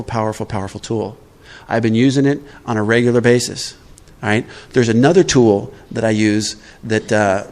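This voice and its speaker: A man's voice: medium pitch, a little mellow. A man giving a recovery workshop talk in a conversational way, often checking in with his listeners. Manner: conversational, checks in with "all right?". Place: live workshop.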